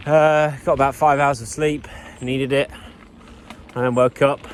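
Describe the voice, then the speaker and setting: A man's voice: medium pitch, level tone, unhurried. Male cyclist, casual on-the-go vlog narration, conversational and self-deprecating, faint outdoor background noise. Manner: chatty, rambling, with self-deprecating asides. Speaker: bikepacking racer vlogging the ride. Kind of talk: casual spoken recap while riding. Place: outdoors on a trail, riding a bike.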